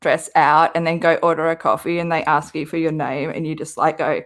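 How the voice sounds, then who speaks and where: A woman's voice: deep voice, little pitch movement, a little fast. An Australian woman hosting a livestream, chatting casually and rambling as she answers viewers' comments. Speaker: livestream host. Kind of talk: casual chat with live viewers.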